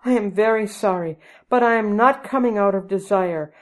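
A woman's voice: mid-range voice, moderate pace, pitched above the performer's own voice, close to an everyday voice. A woman reading a storybook and voicing an anxious, devoted young wife who speaks earnestly. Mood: pleading.

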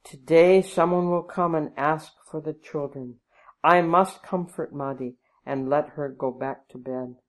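A woman reading a storybook and voicing a generous male prince living as a hermit, speaking gently and formally. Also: deep voice, unhurried. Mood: calm.

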